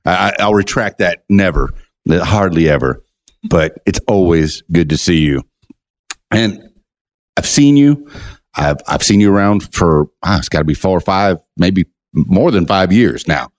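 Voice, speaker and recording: A man's voice: deep voice, expressive, measured pace. A man hosting a casual podcast interview, chatty and jokey, often repeating words as he goes. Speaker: podcast host.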